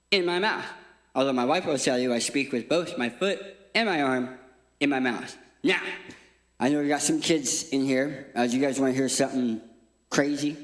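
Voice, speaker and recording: A man's voice: medium pitch, a bit bright, reverberant. A man in his thirties with a permanent speech impediment, giving a jokey, self-deprecating church talk. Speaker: guest speaker. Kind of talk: humorous inspirational church talk. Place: church auditorium.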